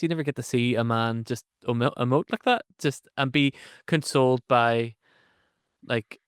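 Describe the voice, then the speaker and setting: Lockerer Podcast-Co-Host, redet dazwischen. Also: male voice, medium pitch, smooth, no echo, studio quality. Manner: chatty, quick interjections and laughter. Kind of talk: casual podcast chat.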